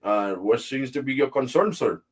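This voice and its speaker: A man's voice: mid-range voice, lively intonation, moderate pace, voice pushed up, natural voice. A man putting on the voice of a polite, formal male call-center agent as a bit in his stream. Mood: politely formal. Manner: stiff, formal customer-service phrasing.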